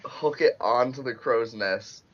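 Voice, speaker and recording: A man playing a tabletop game over a call, animated and quick to cry out at bad luck. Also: mid-range voice, muffled recording. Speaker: player. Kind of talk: casual chat over a video call.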